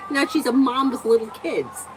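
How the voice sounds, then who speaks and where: Chatty, laughing woman with a lively voice. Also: high voice, moderate pace, noisy background. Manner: chatty, animated, laughs often, swears freely. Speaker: tarot reader and livestream host. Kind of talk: casual storytelling and tarot reading.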